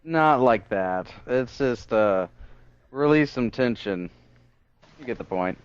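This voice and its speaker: A man's voice: medium pitch, animated, takes it slowly, clean tone, dry recording, muffled recording. A man playing a tabletop game over a voice call, joking playfully. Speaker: player.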